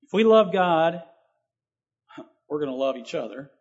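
A man's voice: fairly high pitch, lively intonation, unhurried, darkish tone. A man preaching a sermon, reading scripture and expounding it earnestly, with emphatic swells on key lines. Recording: dull lo-fi recording.

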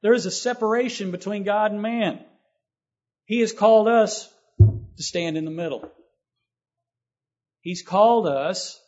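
A man's voice: high-pitched, darkish tone. Earnest preaching man, lo-fi sound. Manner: earnest, rising to emphatic on scripture. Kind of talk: sermon. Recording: dull lo-fi recording.

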